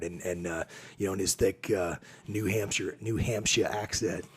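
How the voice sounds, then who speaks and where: Male podcast guest, husky lower voice, lively storyteller who acts out quotes. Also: moderate pace, hardly any pauses. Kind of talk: casual storytelling conversation.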